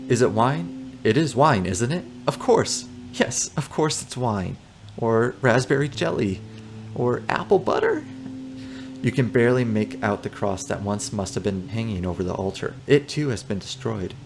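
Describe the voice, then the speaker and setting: A let's player with a lowish, gravelly voice reads a text adventure's narration aloud against a noisy background. Between the read passages, he adds amused jokes.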